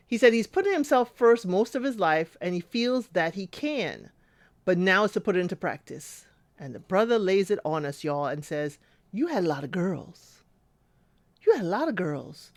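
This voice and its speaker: A woman's voice: medium pitch, dry recording. A woman recapping a reality show in casual commentary, chatty and talking back to the people she describes. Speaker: recap host.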